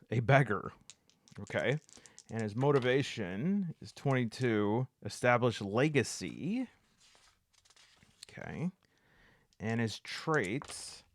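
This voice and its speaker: A slow, lively-voiced man. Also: mid-range voice. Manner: thinks aloud, reads dice results. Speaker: solo game player and host. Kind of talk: narrating a solo tabletop game.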